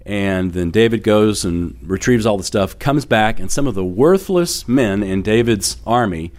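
A middle-aged pastor delivers a sermon in a relaxed, conversational way. He tells stories with everyday fillers and light laughter. His voice sits a little low. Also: a little slow.

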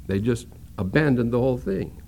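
A man's voice: mid-range voice, lively intonation, normal speed, gravelly, warm tone. A man preaching a sermon as pastor, explaining a passage step by step and repeating words as he searches for them.

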